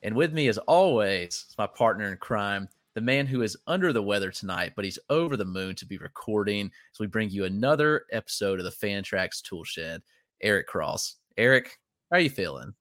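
A man with a Southern US accent hosting a podcast, running through the show's housekeeping in a brisk, upbeat way. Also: lowish voice, lively intonation, fairly bright tone, no echo, clean studio sound. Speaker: podcast host. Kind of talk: casual chat.

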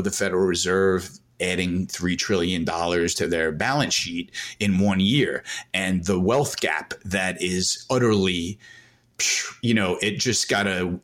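A man's voice: on the low side, fairly bright tone. A man, a guest macro analyst, talking in a casual podcast conversation, rambling and emphatic with lots of fillers.

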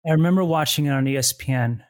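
A male host leads a sit-down interview, his voice sitting a little high for a man. He gets openly emotional and choked up as he frames his questions. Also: quick pace, dry recording, studio quality. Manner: emotional, choked up while asking. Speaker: podcast host.

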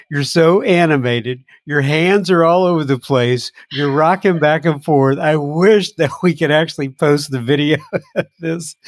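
A man hosting a recovery podcast, chatting casually and warmly, halting now and then with fillers. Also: on the high side, no echo, clean studio sound. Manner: warm, laughing, loosely halting with fillers. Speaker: podcast host. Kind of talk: casual interview chat.

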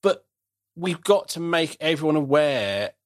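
A man's voice: a little high, lively intonation, measured pace, no echo. Middle-aged man, podcast host, casual and self-deprecating, dry close sound. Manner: chatty, self-deprecating, frequent restarts. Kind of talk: casual conversational chat.

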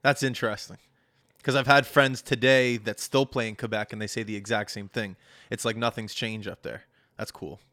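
A man's voice: on the low side, fairly even intonation, normal speed, pushed and bright, no echo, studio quality. A man hosting a podcast, asking curious questions with short interjections in a casual interview. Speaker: podcast host.

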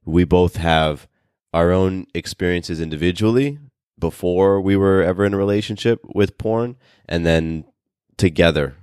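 Deep bassy guy, casual podcast chat, kinda halting and earnest. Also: darkish tone, clear, resonant tone, no echo, studio quality. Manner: earnest, speaks in halting restarts; calls his own voice bassy today. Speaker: podcast co-host.

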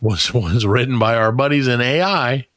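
A man's voice: medium pitch, moderate pace, a bit bright, dry recording. A man hosting a comedy podcast, joking around with profanity in casual banter. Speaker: podcast host.

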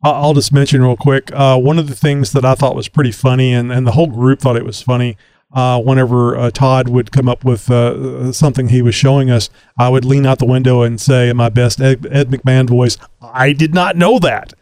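A man's voice: medium pitch, flat delivery, brisk, dark tone, clear, resonant tone, no room sound. A man co-hosting a podcast in casual chat, rambling with frequent fillers and restarts. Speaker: podcast co-host.

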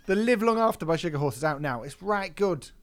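Male reviewer co-host, wry and jokey, slightly high, animated voice. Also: a little fast. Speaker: podcast co-host and music reviewer. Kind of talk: casual chat about music.

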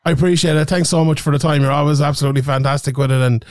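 A man hosting an interview podcast, talking in a quick, friendly and encouraging way. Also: on the high side, fairly even intonation, dry recording, clean studio sound. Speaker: podcast host. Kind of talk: casual interview chat.

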